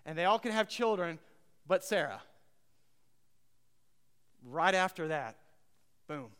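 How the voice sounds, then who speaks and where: A man preaching a sermon as pastor, emphatic and repeating his key phrases, swinging between loud and hushed, and putting questions to the congregation. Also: high-pitched, lively intonation, takes it slowly, pauses often, clear, resonant tone, big-room sound.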